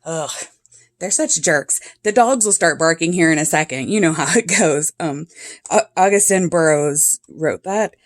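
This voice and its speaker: Low-voiced chatty woman vlogger. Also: animated, normal speed, no room sound, clean studio sound. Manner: chatty, laughs often, reads quotes then comments. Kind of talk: casual journal flip-through, reading quotes aloud. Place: home with cats and dogs.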